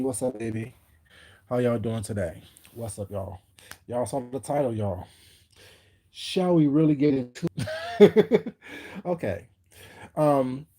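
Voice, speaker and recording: Mellow-voiced man hosting a livestream. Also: medium pitch. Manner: greets viewers by name, calls them baby; slow, emphatic, confrontational call-outs. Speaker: livestream host. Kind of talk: casual livestream chat.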